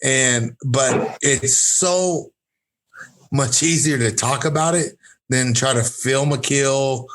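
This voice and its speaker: A man's voice: medium pitch, takes it slowly, a bit bright. A man chatting as a podcast guest, brash and rambling, swearing freely and filling his talk with "like" and "you know". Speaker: podcast guest, fight coach. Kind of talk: casual podcast chat.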